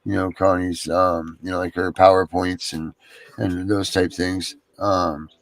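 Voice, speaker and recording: A low-voiced man with a gravelly edge hosts a casual online chat. He rambles through many ums and uhs. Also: flat delivery, unhurried, dry recording. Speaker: show host.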